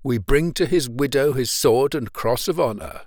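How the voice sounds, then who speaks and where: A man voicing an earnest young sailor who speaks in a steady, grave, respectful way. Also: medium pitch, moderate pace, dry recording, clean studio sound, natural voice. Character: earnest young male sailor, calm and resolute.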